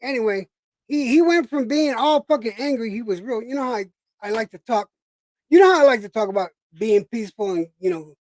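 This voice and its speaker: A woman speaking bluntly in a casual voice chat, cursing freely but keeping her tone reassuring. Her voice sits a little high, and the recording is dry and close, with no room sound around it. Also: expressive, fairly quick, darkish tone, no room sound.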